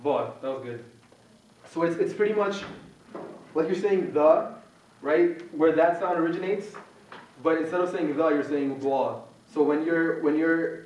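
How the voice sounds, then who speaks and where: A man's voice: on the high side, a little mellow, slight background noise. A young man teaching a university class on pronunciation, patient and informal, modeling sounds over and over for students. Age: young adult. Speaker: Quran recitation teacher. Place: university meeting room. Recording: echoey room, distant muffled mic.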